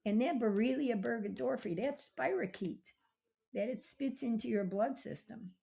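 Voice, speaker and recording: Woman health show host, kinda high voice, gravelly, dramatic and urgent. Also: moderate pace, dark tone, slight background noise. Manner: dramatic, urgent, rhetorical questions. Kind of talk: emphatic health talk.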